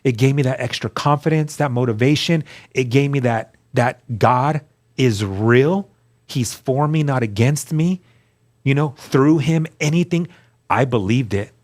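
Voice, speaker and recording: A man sharing his personal testimony in a conversational interview. His voice sits at a medium pitch, and he tells the story with earnest conviction, acting out the voices of the people he quotes. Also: unhurried.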